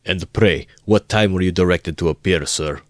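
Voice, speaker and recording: A man voicing an indignant, easily offended police officer who shouts his lines in a storybook reading. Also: low voice, moderate pace, dry recording, clean studio sound, close to an everyday voice. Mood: shouting.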